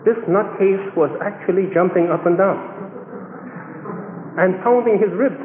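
A man with a high voice tells a sermon story with animated delivery, acting out the people he quotes. The sound is thin and phone-like, caught in a big echoing hall with long reverb. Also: normal speed, long pauses, background noise. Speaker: preacher. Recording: echoey hall, phone-like band.

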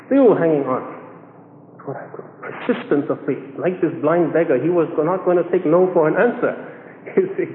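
A man with a high voice tells a sermon story with animated delivery, acting out the people he quotes. The sound is thin and phone-like, caught in a big echoing hall with long reverb. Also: normal speed, slight background noise. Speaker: preacher. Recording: echoey hall, phone-like band.

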